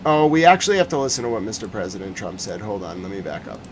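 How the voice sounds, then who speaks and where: A man's voice: lowish voice, very animated, quick pace, slight background noise. Joking, rambling male stream host. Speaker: news commentary host. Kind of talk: casual livestream commentary.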